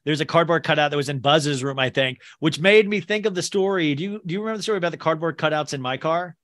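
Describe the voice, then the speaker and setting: Male podcast host, somewhat high, bright voice, rambling self-mocking stories, dry close mic. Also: fast talker, no room sound. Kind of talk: casual podcast chat.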